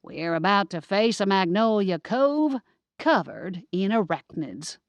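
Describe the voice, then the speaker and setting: Woman doing a brisk, bossy older woman. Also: medium pitch, very animated, no room sound, muffled recording. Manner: brisk, commanding.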